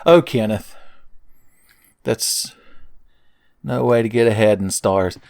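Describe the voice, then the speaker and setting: A man's voice: lowish voice, slow, vocal fry, pauses often, darkish tone, no echo, studio quality. A young man giving casual, jokey commentary while playing a video game, often calling the listener "son". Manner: jokey, playful, keeps calling the viewer "son". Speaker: let's play commentator.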